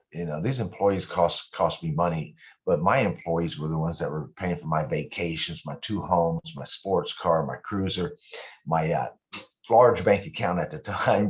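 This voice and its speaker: A man's voice: low voice, muffled recording. A man speaking as a guest in a casual interview, candid and rambling, often poking fun at himself. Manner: candid, rambling, self-deprecating. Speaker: guest business owner.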